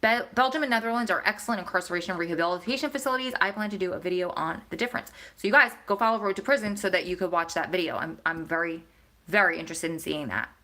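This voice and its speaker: A woman's voice: fairly low pitch, very fast, sharp tone. A woman vlogger in casual chat, answering viewer questions and talking straight to her audience. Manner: chatty, talks straight to viewers.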